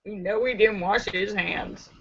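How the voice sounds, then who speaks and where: A woman's voice: mid-range voice, fairly even intonation, measured pace, fairly bright tone, muffled recording. A woman hosting a live stream, chatting casually and reading jokes aloud, giggling often. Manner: giggly, chatty, laughs between lines. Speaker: host of a live joke stream.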